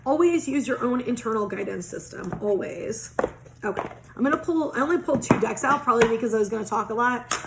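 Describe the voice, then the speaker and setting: A woman's voice: a little high, noisy background. A woman giving a casual oracle card reading, chatty and rambling, full of "like" fillers and casual swearing. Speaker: psychic oracle card reader.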